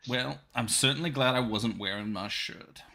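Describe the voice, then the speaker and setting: A man's voice: mid-range voice, moderate pace, creaky, pushed and bright. A man voicing a formal, courteous hero in his forties. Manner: stiff, courteous.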